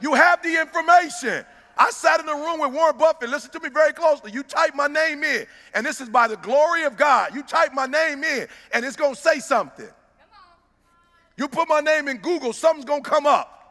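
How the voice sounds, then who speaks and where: A middle-aged man giving a preacher-like motivational speech in a large hall. He pushes key lines with emphasis, shouting some and drawing others out in a sing-song cadence. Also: very high voice, a little fast. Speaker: motivational speaker. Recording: long reverb of a large hall.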